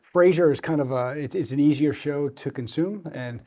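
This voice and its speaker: A man's voice: a little high, moderate pace, dark tone. A man in his forties from Boston with a faint Boston accent, talking directly and emphatically as a podcast guest. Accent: American, faint Boston. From Boston, USA. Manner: direct, emphatic, many restarts. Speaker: guest, private equity banker. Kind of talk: casual podcast chat.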